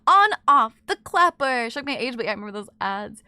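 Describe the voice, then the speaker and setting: A woman's voice: a little high, big pitch swings, fairly quick, bright, forceful tone, smooth, no echo. A woman streamer in casual chat, reading viewer messages aloud and often trailing off with filler. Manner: chatty, filler-heavy, trailing off with "I don't know". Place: in bed at home.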